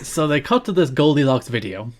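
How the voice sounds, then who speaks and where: A man's voice: medium pitch, animated, fairly quick, a little mellow. A man co-hosting a podcast, recapping old wrestling TV segments in a dry, wry casual chat. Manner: dry, wry, recounts events from notes. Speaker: podcast co-host.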